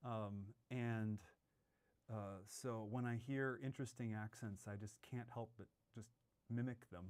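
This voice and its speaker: A man's voice: medium pitch, fairly even intonation, a little slow, a little mellow, slight background noise. Chatty man reading viewer comments. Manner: chatty, laughs often, jokes. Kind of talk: casual livestream chat.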